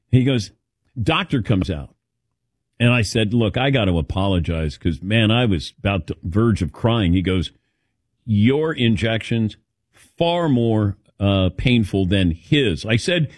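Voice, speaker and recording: A middle-aged man hosting a radio program tells stories casually, bringing them to life by doing others' voices. He speaks a bit slowly in a mid-range, slightly breathy voice, captured in studio quality without room sound.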